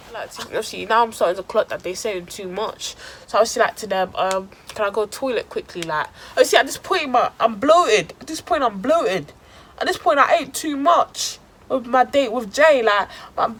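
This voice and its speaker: A woman's voice: a little high, a bit bright, breathy edge, rough recording. A woman telling a dramatic story in casual slang for her vlog. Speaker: vlogger.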